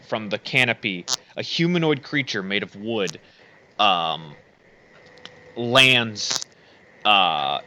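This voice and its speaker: A man narrating as game master for a tabletop game with friends, animated and filling pauses with ums and laughter. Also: lowish voice, low-quality recording.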